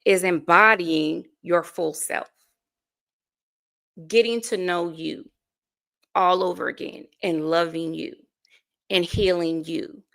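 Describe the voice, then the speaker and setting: A woman's voice: fairly low pitch, fairly even intonation, takes it slowly, gravelly, pauses often, a bit bright. A woman in her forties from the United States, a life coach talking as a guest in a casual interview, earnest and full of stories. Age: 40s. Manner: earnest, storytelling, laughs between thoughts.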